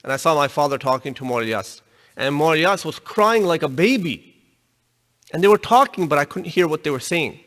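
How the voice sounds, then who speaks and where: A fairly high-pitched man delivers a religious lecture and tells a story with animated emphasis, his voice lifting when he drives a point home. A long reverb from the hall trails after each phrase. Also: a little fast. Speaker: religious teacher.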